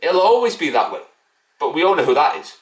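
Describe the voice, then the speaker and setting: A man's voice: on the high side, big pitch swings, fairly quick. A man ranting mockingly to camera about a rival football club in a fan video. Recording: echoey room.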